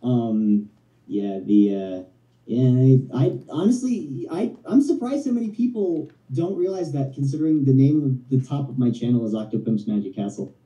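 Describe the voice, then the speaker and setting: A man phoning in to a live show, talking in a halting, rambling, friendly way. His tone is very dark and mellow. The call comes through echoey and distant. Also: mid-range voice, lively intonation. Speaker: phone-in guest. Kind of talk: casual chat. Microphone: phone. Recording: echoey phone call from far off.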